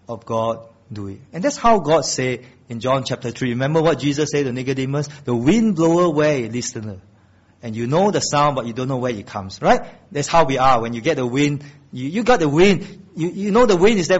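A fairly high-pitched, slightly husky male preacher pushes up to loud, emphatic peaks and then settles into a soft, slow delivery for his key phrases. The sermon was captured in dull, lo-fi audio.

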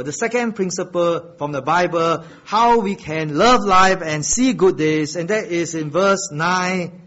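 A man preaches with a fairly high voice, rising to loud emphatic peaks and dropping low to drive a point home. He repeats key phrases and poses questions to his listeners. The recording sounds dull and lo-fi. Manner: emphatic preaching with wide swings in pitch and loudness. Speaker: pastor. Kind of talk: sermon.

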